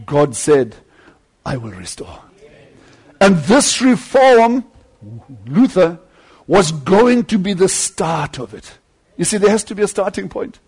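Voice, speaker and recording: A man preaching a sermon with fervent delivery, swinging between loud climbs and quieter asides. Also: high-pitched, expressive, a little slow, husky.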